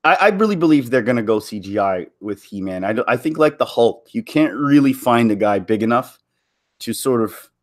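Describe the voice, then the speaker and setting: A man's voice: medium pitch, animated, normal speed. A man from Canada rambling through casual solo commentary, chuckling and restarting his sentences often. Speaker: vlogger.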